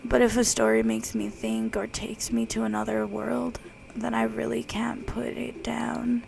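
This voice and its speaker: A woman voicing a shy, reserved bookish teen girl in a hushed, breathy, measured way, as a whispered role-play. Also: fairly high pitch, rough recording. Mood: soft, earnest.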